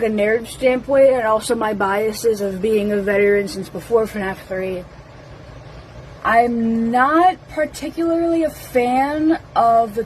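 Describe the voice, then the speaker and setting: A young adult woman talking casually as a fan vlogger, rambling and excitable, with lots of fillers and giggles. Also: a little high, a little hiss or hum, rough recording. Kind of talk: casual rambling first-impressions talk.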